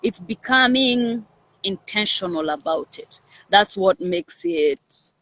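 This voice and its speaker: A woman's voice: mid-range voice, takes it slowly, highs cut off. A woman hosting a personal branding series, talking casually and confidently to her audience and often checking in with "all right?". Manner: energetic, confident, animated, with many "all right?" check-ins. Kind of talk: casual motivational talk to camera.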